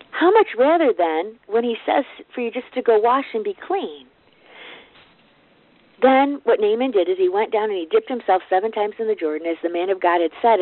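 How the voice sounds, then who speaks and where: A woman giving an informal devotional to a business team, retelling a Bible story in a casual, conversational way with offhand asides. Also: medium pitch. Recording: tinny phone-like, dry sound.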